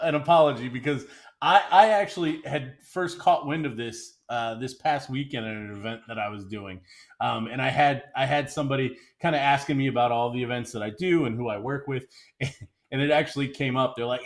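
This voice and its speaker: A man with an Ohio accent, chatting as a podcast contributor, good-humored and quick to laugh. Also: medium pitch. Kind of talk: casual podcast chat.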